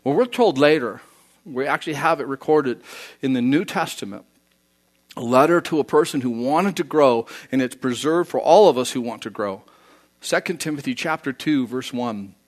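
A man preaching a sermon, animated, acting out quoted voices and swinging from loud to soft. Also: medium pitch, moderate pace. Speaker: pastor.

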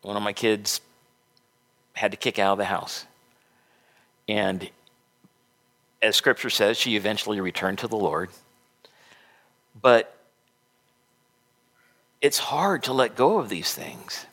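A man's voice: on the low side, animated, slow, long pauses, sharp tone. A middle-aged man preaching a sermon as a pastor, with folksy, conversational storytelling.

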